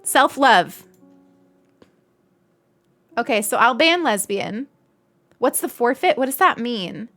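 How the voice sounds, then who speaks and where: A woman's voice: on the high side, animated, slow pace, pauses often, fairly bright tone, soft background music. A young adult woman streamer chatting casually and giggling as she thanks donors on a live stream.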